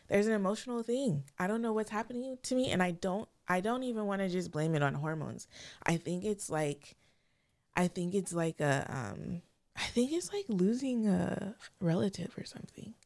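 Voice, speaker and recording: A young woman with a low, gravelly voice talks in a casual podcast chat. She is emotional and hesitant, close to tears, and often searches for words. The sound is dry and close. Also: a little mellow, no room sound. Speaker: podcast co-host.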